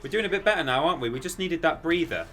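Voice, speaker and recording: A man chatting casually while streaming a video game, rambling and bursting into excited exclamations. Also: fairly high pitch, rapid-fire. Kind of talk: casual gaming stream commentary.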